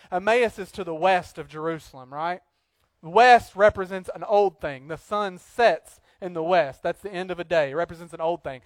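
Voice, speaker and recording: A man preaching a sermon in an animated, joking way, acting out little scenes between points. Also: sits high, dry recording. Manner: animated, jokey preaching with acted-out asides. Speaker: pastor.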